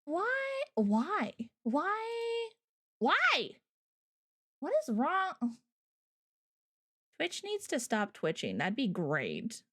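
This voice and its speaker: A young woman with a Canadian accent chats with a livestream audience. She speaks at an unhurried pace in a slightly high voice. She rambles and giggles, with plenty of likes and ums. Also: fairly bright tone. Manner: chatty and giggly, rambling with many fillers. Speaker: livestream host. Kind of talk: casual livestream chat.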